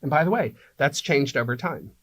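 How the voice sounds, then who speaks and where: A man's voice: mid-range voice, expressive, moderate pace, a bit bright, slightly rough, no room sound. A man being interviewed as an apartment locator, explaining things like a teacher and checking in with "right?" and "okay?" as he goes.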